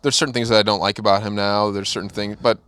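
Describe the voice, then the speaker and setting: A man's voice: on the low side, level tone, quick pace, a bit bright. A young adult man, a guest on a podcast, giving earnest opinions in casual chat and hedging them.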